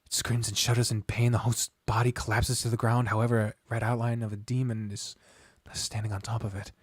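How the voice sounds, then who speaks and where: A game master narrating a tabletop game on a live stream in a hushed, dramatic storytelling manner. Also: mid-range voice, level tone, brisk, slightly rough, no room sound, clean studio sound.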